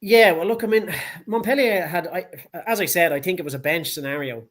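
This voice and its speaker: A man's voice: high voice, fairly quick. A man with a Dublin accent co-hosting a casual sports chat, blunt, heated and full of swearing. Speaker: podcast co-host.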